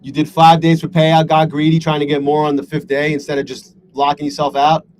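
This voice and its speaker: A man's voice: fairly high pitch, monotone, fairly quick, a little mellow, a little hiss or hum, low-quality recording. Frustrated, swearing male trading streamer. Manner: frustrated, self-deprecating, swears a lot. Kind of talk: live stream talking to chat.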